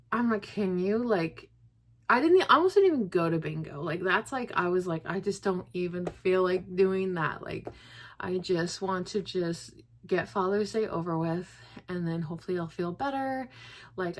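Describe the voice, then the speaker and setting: Young woman vlogging, rambling and grieving. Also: lowish voice. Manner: rambling, many likes and restarts. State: grieving, on the verge of tears. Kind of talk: casual personal vlog.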